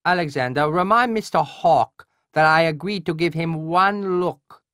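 A man voicing a male colonel, high nasal voice, curt, sly, audiobook reading, dry sound. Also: measured pace, a bit bright, dry recording.

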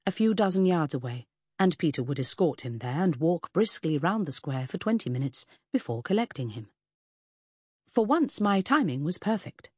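A woman narrates an audiobook with a husky, slightly breathy voice and a measured, even delivery. The sound is close and dry, with no room around it. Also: deep voice, no room sound. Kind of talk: first-person audiobook narration.

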